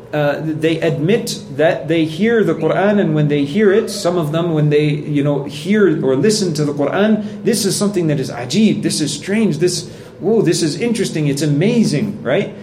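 A man's voice: fairly high pitch, animated, normal speed, a little mellow, a little hiss or hum. A man giving a sermon in a conversational, earnest way, telling stories with acted quotes and repeating points for emphasis. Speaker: preacher.

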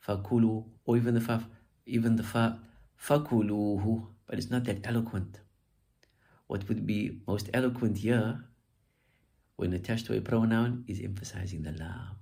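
Gravelly low-voiced man teaching patiently. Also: steady tone, moderate pace, mellow. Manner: patient, repeats syllables aloud to demonstrate stress. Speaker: recitation teacher. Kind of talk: spoken tutorial.

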